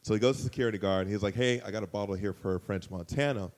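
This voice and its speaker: A young man telling a story on a comedy podcast, casual and profane, lively, with loud outbursts when he quotes people. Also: on the low side, very fast. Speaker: guest storyteller.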